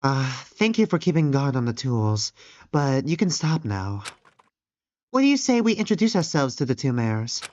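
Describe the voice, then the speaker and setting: A man's voice: mid-range voice, big pitch swings, moderate pace, darkish tone, dry recording, muffled recording, lightly acted. A man voicing a tall, composed grown mare who runs a restaurant, speaking politely.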